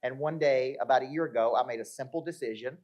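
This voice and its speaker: A man's voice: medium pitch, fast talker, darkish tone. Motivational speaker, middle-aged man, tells stories and acts out the dialogue, keeps checking in with the room. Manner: storytelling with acted-out dialogue and crowd check-ins. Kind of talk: live motivational talk. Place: live event before an audience.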